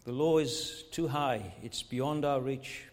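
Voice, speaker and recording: A man's voice: medium pitch, slow, long reverb tail. A man preaching a sermon with emphatic delivery, rising and falling and asking his listeners many rhetorical questions.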